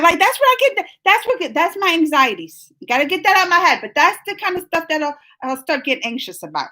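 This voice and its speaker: Chatty high-voiced woman streamer. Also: big pitch swings, fast, hardly any pauses, pushed and bright. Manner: rambling, chatty, laughs often, restarts sentences. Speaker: live stream host reading chat comments. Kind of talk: casual live stream chat.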